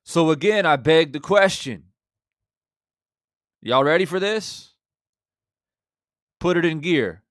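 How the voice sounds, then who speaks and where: A man hosting a fan reaction channel, talking in an impassioned, rhetorical way that swings between loud and quiet. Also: on the high side, lively intonation, slow, long pauses, dry recording, clean studio sound. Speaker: boxing channel host.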